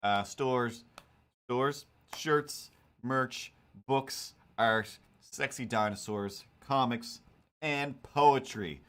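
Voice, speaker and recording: A man's voice: medium pitch, very slow, fairly bright tone. A man streaming while he draws, chatting casually in a rambling, self-mocking, jokey way. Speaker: cartoonist streamer.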